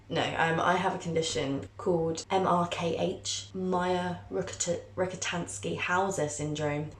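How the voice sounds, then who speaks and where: A woman's voice: on the low side, steady tone, unhurried, hardly any pauses. A young woman in her twenties telling her own story to camera in a chatty, candid, self-mocking way. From England. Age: 20s. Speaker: vlogger, journalism student. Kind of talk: casual personal storytelling to camera. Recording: roomy, echoey sound.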